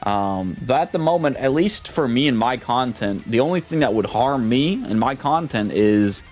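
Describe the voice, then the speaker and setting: A man's voice: mid-range voice, animated, normal speed. A man streamer in casual live-stream chat, rambling and often repeating and restarting his words.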